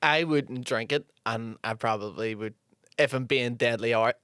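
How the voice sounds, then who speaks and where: A man, co-hosting a casual podcast, chiming in with laughs and quick agreement. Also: medium pitch, smooth, no room sound, clean studio sound. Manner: lively, laughs often, quick agreeing interjections. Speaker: podcast co-host. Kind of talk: casual chat.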